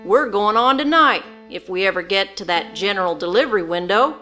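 A woman doing a booming, gruff wealthy old man. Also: animated, a little fast, bright, forceful tone, soft background music. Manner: booming, ends in a growl. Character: big bearded-looking wealthy older man, gruff.

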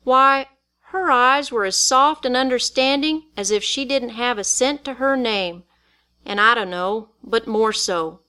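Bright-voiced woman with folksy storytelling. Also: fairly high pitch, unhurried, clear, resonant tone. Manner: folksy, rural dialect speech. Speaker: narrator. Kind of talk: storybook narration in first person.

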